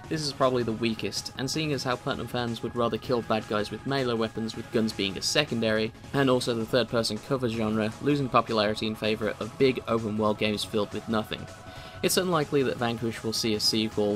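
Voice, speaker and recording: A man's voice: mid-range voice, a bit bright. A man reading a scripted video game review as a voice-over, with wry, opinionated asides.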